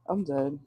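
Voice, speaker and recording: A woman's voice: sits low, highs cut off, slight background noise. A woman giving a casual tarot reading from her car, chatty and blunt, laughing often and swearing freely. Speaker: tarot reader.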